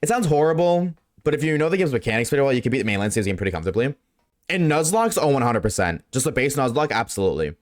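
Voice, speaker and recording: Male game streamer at a desk mic, mid-range voice, casual and profane, bouncing between high and low registers while talking to chat. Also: very animated, fast. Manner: loose and profane, chatting with viewers, jumps between high and low voice. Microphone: desk microphone.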